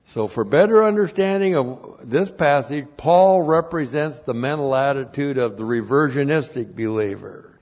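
A man's voice: medium pitch, moderate pace, hardly any pauses, a little mellow. A man teaching the Bible verse by verse, working through numbered points and repeating each one twice. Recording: dull lo-fi recording.

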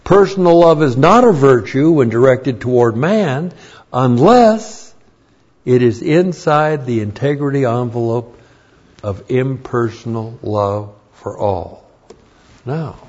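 A man teaching a Bible lesson as a sermon, slow and deliberate, repeating key phrases for emphasis. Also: mid-range voice, animated, darkish tone, husky. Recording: dull lo-fi recording.

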